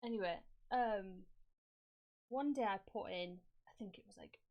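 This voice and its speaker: Brief: young woman, podcast host, lively storyteller, swears freely. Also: mid-range voice, moderate pace, muffled recording. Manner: animated storytelling, frequent swearing and laughs. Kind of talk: casual chat.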